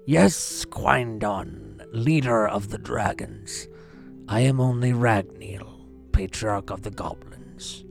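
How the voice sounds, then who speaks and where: Woman doing a dry, croaky old goblin. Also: a bass voice, slow, soft background music, voice pushed down, heavily acted. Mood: formal. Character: old withered male goblin leader, composed.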